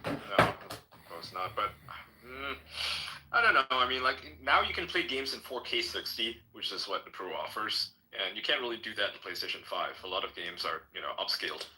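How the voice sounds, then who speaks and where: A man chatting casually about games, relaxed and swearing freely. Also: on the low side, normal speed, a little hiss or hum, low-quality recording. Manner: relaxed, swears often, animated. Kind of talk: casual chat.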